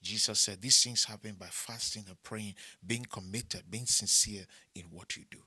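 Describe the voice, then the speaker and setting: A male pastor preaches to his congregation in a lowish, husky voice. His tone is bright and forceful, and he hammers home short lines again and again. He tells stories with a teasing, playful edge. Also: fairly even intonation, normal speed, dry recording. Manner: storytelling preacher who mixes humor with appeals for money; repeats short phrases for emphasis. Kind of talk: sermon.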